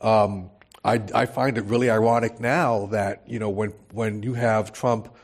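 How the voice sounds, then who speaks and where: A man speaking as a journalist on a live panel, animated, his voice rising when he makes a point. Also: fairly low pitch, measured pace. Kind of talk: panel discussion.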